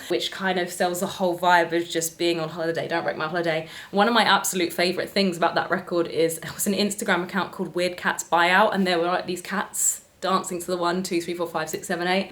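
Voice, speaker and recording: A woman in her thirties, a singer, chatting casually to camera about records she has sung, with friendly advice for other singers. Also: on the low side. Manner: chatty, warm-hearted advice, sings short snippets. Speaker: singer and vlogger.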